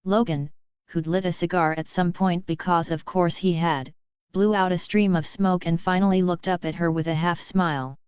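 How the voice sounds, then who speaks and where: A woman narrating a web novel audiobook in a steady, even storytelling manner, recorded dry and slightly dull. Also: fairly low pitch, normal speed, smooth, no room sound. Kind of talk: scripted narration.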